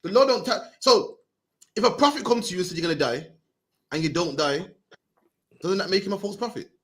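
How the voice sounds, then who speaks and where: Fast-talking man teaching scripture. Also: high voice, fairly bright tone. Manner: fast, slangy, peppers lines with "man" and urges readers on. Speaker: Bible class teacher. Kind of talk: lively street-style Bible teaching.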